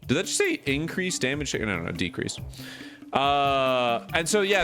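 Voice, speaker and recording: A man's voice: mid-range voice, very animated, slow, over music. Rambling, cursing streamer guy. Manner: rambling, profane storytelling with lots of fillers. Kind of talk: casual chat while playing a video game.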